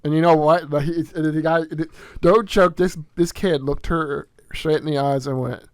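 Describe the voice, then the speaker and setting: Young man, gravelly, a touch high, swears freely, dry close sound. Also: normal speed, no echo. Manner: animated, swearing, acts out quotes in storytelling. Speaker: podcast host. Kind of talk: casual storytelling chat.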